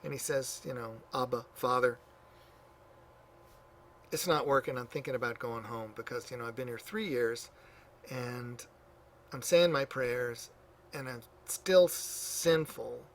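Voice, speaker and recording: A man's voice: mid-range voice, unhurried, long pauses, fairly bright tone, a little hiss or hum. A man teaching a church history class, telling a story casually with many fillers and asides. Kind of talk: classroom lecture, retelling stories.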